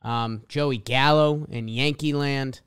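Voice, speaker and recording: A man's voice: mid-range voice, steady tone, slow, fairly bright tone, clear, resonant tone. A man with a Boston accent co-hosting a casual sports podcast, reading out stat lines with emphatic swings. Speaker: podcast co-host.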